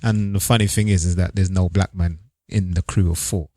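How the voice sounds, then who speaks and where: A man with a lowish voice, earnest and emphatic, speaking in podcast talk. The sound is dry and close. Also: fairly even intonation, brisk, mellow, no echo. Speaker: podcast co-host. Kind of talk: casual podcast chat.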